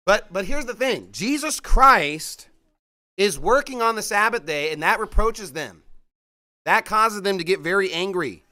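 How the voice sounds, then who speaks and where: A young adult man preaching a sermon, emphatic and forceful, with sudden rising outbursts. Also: sits high, lively intonation, measured pace.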